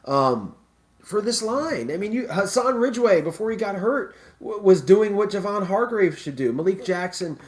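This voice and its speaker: A man's voice: high-pitched, animated, normal speed. Rambling man hosting a live sports show. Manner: rambling, stammering restarts. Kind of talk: casual live sports talk.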